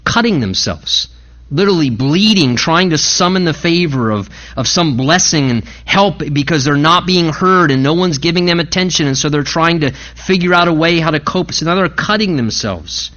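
A man's voice: normal speed, dull audio. A male pastor preaching a sermon, retelling a story and acting out the speakers with big swings of voice. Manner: animated storytelling, acting out quoted speakers with big pitch jumps.

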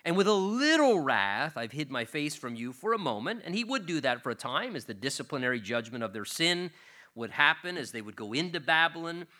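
An older man preaching a sermon with a bright, forceful voice that sits a little high for a man. He is earnest and emphatic, and his volume rises and falls on key words. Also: sing-song, brisk.

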